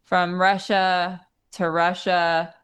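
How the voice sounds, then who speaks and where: A woman's voice: lowish voice, flat delivery, drawn-out words, a bit bright, clean tone. A young adult woman singer talking casually in an interview, hesitant, with many ums and restarts.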